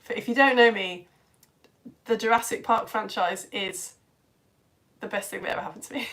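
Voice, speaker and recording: A woman and mother, chatting excitedly to her live-stream audience as she reads out their comments. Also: moderate pace. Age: adult parent. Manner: excitable, chatty, with big swings in pitch and loudness. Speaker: live-stream educator reading chat comments.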